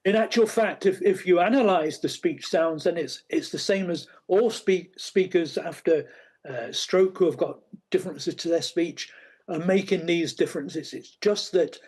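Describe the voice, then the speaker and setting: A man's voice: sits high, a little mellow, slightly rough. A man, a guest expert, giving explanatory interview answers with frequent fillers and restarts. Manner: halting, many fillers and restarts.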